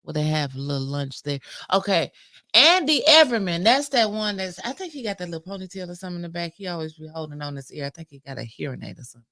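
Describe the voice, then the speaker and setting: A woman co-hosting a casual morning talk show with a sassy, animated way of talking back. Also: fairly low pitch, quick pace, no room sound, clean studio sound. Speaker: co-host.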